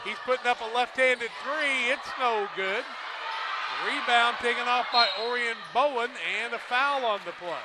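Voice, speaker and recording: A man doing play-by-play commentary of a high school basketball game, brisk and loud on made shots. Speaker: play-by-play announcer. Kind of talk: local radio sports commentary. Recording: noisy gym broadcast. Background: gym ambience, basketball bouncing.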